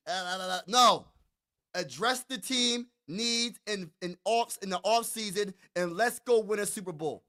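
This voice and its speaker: A man hosting his own sports talk show, ranting with excitement and frustration. His voice sits high and sounds bright. He repeats lines for emphasis and stumbles over quick restarts. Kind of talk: hyped fan rant.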